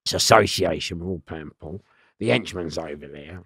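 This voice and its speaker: A man's voice: deep voice, moderate pace, a bit bright, slightly rough, no room sound, studio quality. A middle-aged man, telling a story as an interview guest with free swearing, acting out the lines of the people in it. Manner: swearing freely, acts out other people's lines. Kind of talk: animated storytelling.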